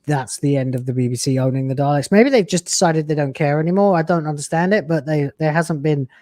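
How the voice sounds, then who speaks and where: A man's voice: on the high side, fast, a little mellow, dry recording, studio quality. A man with a British accent chatting casually on a live stream, laid-back and sarcastic. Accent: British English. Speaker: podcast co-host.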